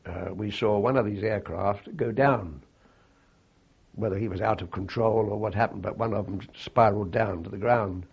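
An older man recalling his wartime service in a halting, reflective way, with frequent fillers and restarts. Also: fairly low pitch, gravelly, slightly rough, highs cut off. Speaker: interviewee. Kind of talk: oral history recollection.

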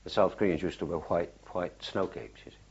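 Low, husky older man recounting memories. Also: highs cut off. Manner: halting, unhurried storytelling with many fillers and restarts. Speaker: war veteran interviewee. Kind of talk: oral history interview recollection.

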